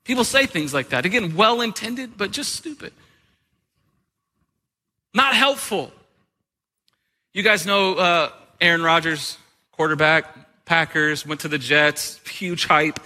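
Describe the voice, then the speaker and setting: A man's voice: fairly high pitch, takes it slowly, long pauses, pushed and bright, big-room sound. A man pastor giving a sermon in a conversational, joking way, with rhetorical questions to his listeners.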